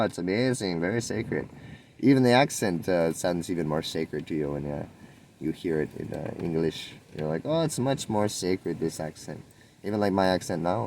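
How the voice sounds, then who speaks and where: A man's voice: low-pitched, a little mellow, a little hiss or hum, low-quality recording. A man giving a rambling, spontaneous spiritual monologue, musing and meandering, with sudden lifts in his voice. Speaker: spiritual vlogger.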